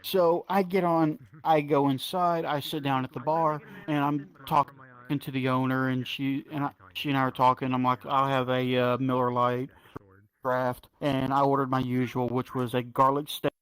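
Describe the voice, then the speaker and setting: A man from North Georgia, telling biker stories in a casual, profane, animated way. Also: mid-range voice, moderate pace, clear, resonant tone. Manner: profane, drawling, animated retelling. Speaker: storyteller. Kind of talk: casual storytelling.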